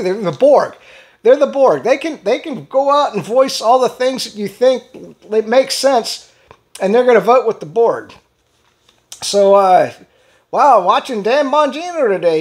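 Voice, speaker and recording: A middle-aged man giving rambling solo political commentary, blunt and indignant, restarting sentences and swearing casually. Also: high-pitched. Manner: rambling, repeats words, frequent fillers and restarts. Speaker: political commentary channel host.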